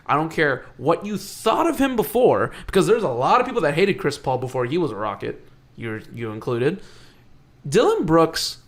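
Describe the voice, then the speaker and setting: A man co-hosting a sports podcast, talking excitably in casual chat, often restarting and swearing. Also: a little high, normal speed. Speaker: podcast co-host.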